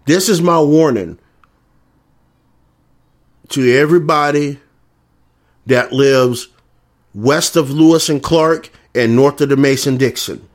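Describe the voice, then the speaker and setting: Southern US male, combative monologue, swears freely, repeats himself, slightly raised pitch. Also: slow, pauses often. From American South. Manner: combative, repetitive, profane. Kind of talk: ranting monologue.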